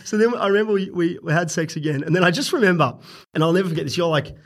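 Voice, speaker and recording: A man's voice: high voice, rapid-fire. A young man telling a story in casual podcast chat, rambling and profane, often laughing. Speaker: podcast guest.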